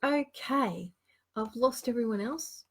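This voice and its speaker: A woman's voice: fairly high pitch, expressive, takes it slowly, slightly rough. Chatty woman reading cards live. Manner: chatty, giggly, reads cards aloud warmly. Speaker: card reader hosting a live show. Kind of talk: casual live-stream card reading.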